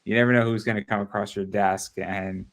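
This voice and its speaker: A man in his thirties hosting a podcast, chatting casually in a relaxed, halting way. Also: fairly low pitch. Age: 30s. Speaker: podcast host. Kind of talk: casual chat.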